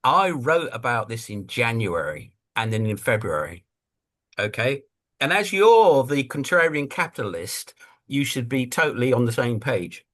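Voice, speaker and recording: A man chatting as an interview guest over a video call, his voice swooping up and down as he spins anecdotes. He slips into quick impressions of other people mid-sentence, in a mid-pitched voice. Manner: animated storyteller who acts out quotes. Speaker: guest investor and writer. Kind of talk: casual conversational interview.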